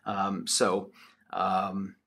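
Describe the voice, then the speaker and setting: A man's voice: low-pitched, completely flat delivery, very slow, pushed and bright, slightly rough. A man lecturing on sociology in a loose, chatty way, with many ums and restarts. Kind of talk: recorded lecture with personal anecdote.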